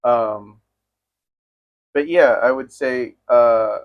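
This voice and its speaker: Reflective young man, measured talk. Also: mid-range voice, no room sound, dull audio. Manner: reflective, measured, thinks aloud with fillers. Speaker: guest, host's best friend. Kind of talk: candid chat between friends.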